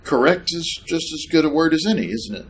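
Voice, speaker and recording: A man's voice: on the high side, expressive, fairly quick, slightly rough. A man preaching a sermon, emphatic and sarcastic, repeating points with questions to the congregation. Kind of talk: sermon with slides.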